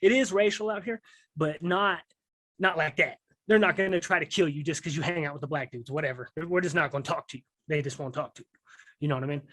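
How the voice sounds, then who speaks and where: A man's voice: on the high side, fast, fairly bright tone, no echo. A man telling a rambling story in casual street slang, often checking in with his listener. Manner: rambling street slang, keeps asking "you know what I mean". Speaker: guest recounting prison life.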